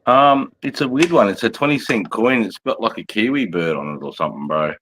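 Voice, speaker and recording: A man's voice: lowish voice, expressive, fairly quick, a bit bright, slight background noise, low-quality recording. A man chatting casually on a live stream, crude and full of swearing. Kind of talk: casual chat.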